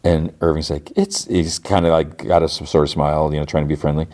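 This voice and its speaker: Man, podcast host, deep voice, warm dark tone, casual recap, acts out dialogue. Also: flat delivery, fast. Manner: retells scenes acting out characters' lines.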